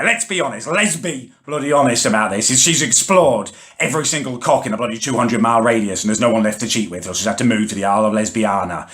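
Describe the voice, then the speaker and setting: A man's voice: mid-range voice, quick pace, hardly any pauses, a bit bright. A man in a comedic vlog, ranting angrily and swearing with exasperation. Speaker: vlogger.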